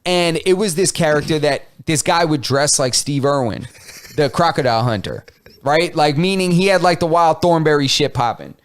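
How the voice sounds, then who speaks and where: A man co-hosting a podcast, telling a story in a casual, slangy, animated way. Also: a little high, moderate pace. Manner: animated storytelling, slangy, lots of "like" and "you know". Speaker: podcast co-host. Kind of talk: casual chat.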